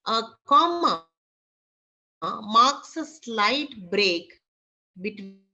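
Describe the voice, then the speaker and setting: A woman teaching an online class with an Indian English accent, talking haltingly with many fillers. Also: a little high, big pitch swings, bright, forceful tone. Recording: dull lo-fi online class audio.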